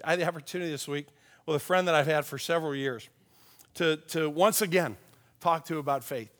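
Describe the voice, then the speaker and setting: A man, a pastor, giving a conversational sermon with personal stories, dropping softly on key points. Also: a little high. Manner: folksy, tells personal stories with chuckles.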